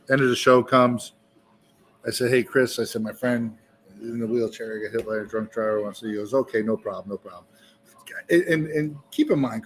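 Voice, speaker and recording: A man's voice: fairly low pitch, slight background noise. A man, a musician guest, tells a long story with energy and profanity at an indoor bar, acting out the voices of the people in it. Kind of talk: animated storytelling.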